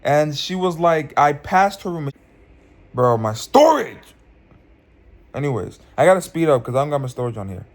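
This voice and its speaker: A man's voice: fairly high pitch, quick pace, hardly any pauses. Rambling young man recounting a dream. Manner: rambling, many restarts and fillers. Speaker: vlogger. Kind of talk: casual dream storytelling. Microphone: phone.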